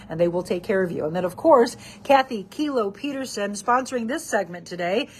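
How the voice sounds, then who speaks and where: A woman's voice: fairly high pitch, a little mellow, husky. A woman hosting a live self-help show, reading out viewer comments by name and encouraging her audience in an upbeat way.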